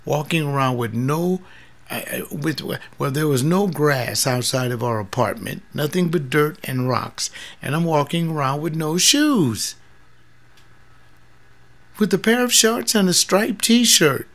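A man in his seventies, a retired pastor hosting a radio talk in a studio, measured and plainspoken as he reminisces. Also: fairly high pitch, lively intonation, fairly bright tone. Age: 70s.

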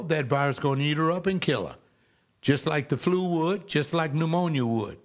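An older man preaching a sermon over a webcast, fervent, swinging between loud exclaiming and slow, low emphasis.

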